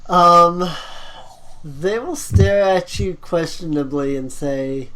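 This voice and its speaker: A game master narrates a tabletop role-playing session at a very slow, deliberate pace. The voice sits at a middle pitch and often pauses on fillers while describing the scene. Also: a bit bright, rough recording.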